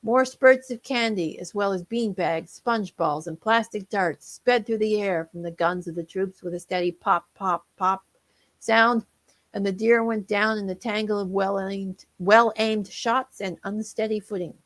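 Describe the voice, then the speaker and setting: A woman narrating her own comic holiday parody aloud. Her reading is lively and playful, like a storybook read to an audience. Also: mid-range voice, a little slow.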